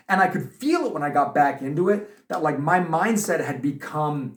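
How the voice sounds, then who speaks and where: A man's voice: fairly high pitch, moderate pace, distant mic. Man in his thirties, echoey and off-mic. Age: 30s. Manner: lively storyteller, chatty with frequent fillers. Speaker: boxing coach, guest. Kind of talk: casual podcast conversation.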